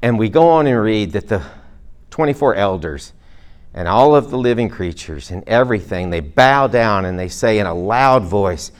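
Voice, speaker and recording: A man's voice: fairly low pitch, expressive, moderate pace, clear, resonant tone. A middle-aged man preaching a sermon to a congregation in a conversational way, with self-deprecating jokes and asides. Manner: speaks to a live congregation.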